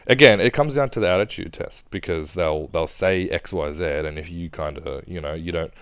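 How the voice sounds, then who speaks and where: Low-voiced laid-back Australian man. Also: moderate pace, clean tone, dry recording, studio quality. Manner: laid-back, swears often. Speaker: podcast co-host. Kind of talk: casual storytelling chat.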